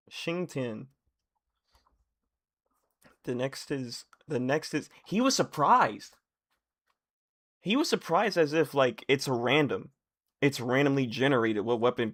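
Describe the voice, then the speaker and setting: A young man on a live stream reacting as he reads. He swings from low muttering to loud, surprised outbursts and often repeats phrases.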